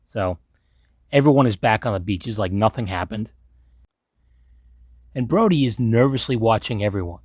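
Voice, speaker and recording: A man's voice: on the low side, animated, normal speed, long pauses, darkish tone, no echo, studio quality. A man from Long Island, recapping a movie in a blunt, sarcastic way and swearing freely. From Long Island, New York. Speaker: movie commentator. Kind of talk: profane movie recap commentary.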